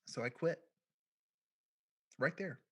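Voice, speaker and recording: A man giving a keynote, telling a personal story in a quiet, reflective way with deliberate pauses. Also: a little high, husky. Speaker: keynote speaker, podcast founder.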